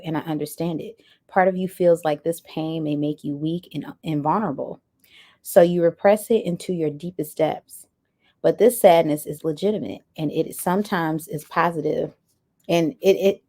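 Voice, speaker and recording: A woman's voice: low-pitched, mellow. A woman giving a pick-a-card tarot reading, reading oracle messages aloud and breaking into playful, chatty asides to her viewers. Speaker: tarot reader.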